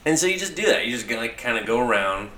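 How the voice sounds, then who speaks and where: A young man chatting casually and profanely, full of "like", acting out quoted lines as he pitches a story. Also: sing-song, fast, pushed and bright. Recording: echoey room.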